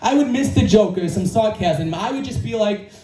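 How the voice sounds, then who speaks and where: High-voiced earnest man in an echoey hall. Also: lively intonation, normal speed, warm tone. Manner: earnest and emphatic, repeats key phrases. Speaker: speaker at a live event. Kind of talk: personal motivational talk. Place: indoor creative venue, live audience. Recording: echoey room from far off, faint music.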